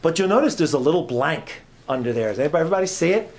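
A man's voice: a little high, expressive, rapid-fire. A man giving an informal sermon as a guest preacher in a church, chatty and joking, often repeating his phrases.

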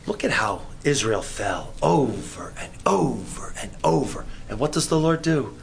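A man preaching an evening sermon, animated, his voice climbing high as he voices questions to God. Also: a little slow, creaky, hardly any pauses, a little hiss or hum. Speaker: pastor.

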